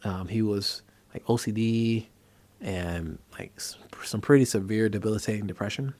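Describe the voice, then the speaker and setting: Guy with a lowish voice chatting casually about his work, dry close sound. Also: moderate pace, no room sound. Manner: conversational, storytelling, animated when acting out scenes. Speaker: psychiatrist host. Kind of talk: casual educational talk.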